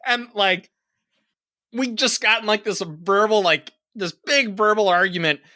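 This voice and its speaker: A man in his thirties co-hosting a podcast, telling a story casually, swearing and acting out quotes with big jumps in pitch. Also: a little slow, bright, forceful tone, no echo, clean studio sound. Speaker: podcast co-host.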